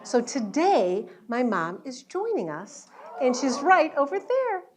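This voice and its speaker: At a luncheon in an event hall, a woman who works as an educational entertainer chats with the audience after her show. Her high-pitched, sing-song voice moves slowly over slight background noise as she tells warm stories with laughs.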